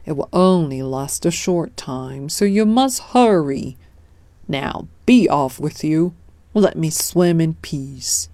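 Woman reading as a grumpy old frog witch, deep croaky voice, slow and scolding, storybook. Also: expressive, mellow, no echo, heavily acted. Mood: stern. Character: ancient grumpy wise female frog who does magic.

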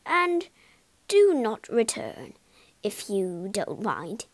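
A woman's voice: medium pitch, wildly swooping pitch, very slow, dry recording, exaggerated voice. A woman voicing a timid, feeble ghost knight in a storybook, speaking faintly and pleadingly.

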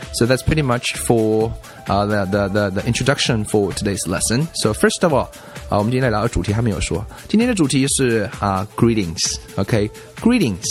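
A man teaching a lesson, explaining in a mix of Chinese and English and slowly repeating example phrases. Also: lowish voice. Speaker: language teacher. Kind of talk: bilingual classroom explanation.

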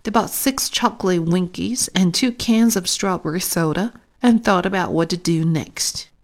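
A woman reading a children's storybook aloud in an expressive, careful way. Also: on the low side, normal speed. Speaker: storybook narrator.

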